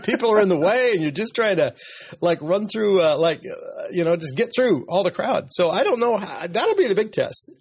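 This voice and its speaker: A man in his sixties, a podcast host, talking candidly and emotionally about his life in a personal conversation, with soft laughs. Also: sits high, sing-song, moderate pace, husky, no echo. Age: 60s.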